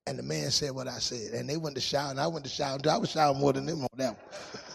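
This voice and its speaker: A man preaching a testimony sermon in a sing-song style, dropping to a hush and rising to shouts. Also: medium pitch, steady tone, fast talker, gravelly, husky, big-room sound.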